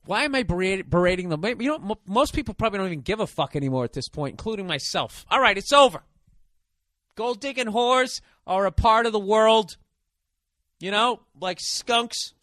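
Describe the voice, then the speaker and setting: Swearing, ranting man with a bright voice. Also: high-pitched, expressive, moderate pace, dry recording, clean studio sound. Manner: swears constantly, sarcastic and ranting. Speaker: podcast host. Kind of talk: profane comedic rant.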